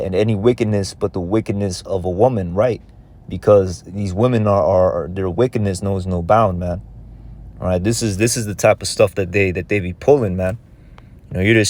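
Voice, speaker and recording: A man's voice: on the low side, darkish tone. A man giving a casual, conversational scripture lesson in a loose, repetitive way of talking. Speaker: religious teacher.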